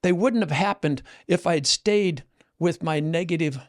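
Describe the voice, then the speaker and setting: A man's voice: fairly high pitch, normal speed. A man in his sixties, hosting a casual chat and earnestly telling stories with many restarts. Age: 60s. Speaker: host, coach.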